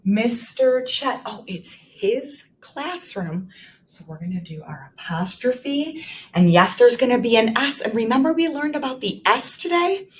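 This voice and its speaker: A woman teacher modeling writing for young children, slowly and clearly sounding out each word and leading the class to repeat. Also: a little high, expressive. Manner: slow, exaggerated sounding out of words.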